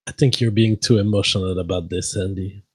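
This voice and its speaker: A man who is a guest on a livestream, chatting casually and making calm, dry remarks. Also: low voice, brisk, slightly rough, dry recording.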